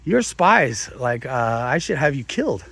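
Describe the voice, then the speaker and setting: A man's voice: mid-range voice, sing-song, a little slow, gravelly, fairly bright tone, husky, no room sound, full character voice. A man voicing a stern young man in power who bluntly accuses and threatens in a casual retelling.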